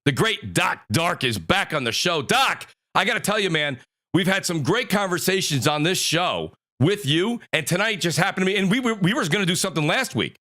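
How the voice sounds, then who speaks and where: A man hosting a live gaming podcast panel, introducing guests with energetic hype. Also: sits high, a little fast. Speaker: podcast host. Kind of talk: casual panel show hosting.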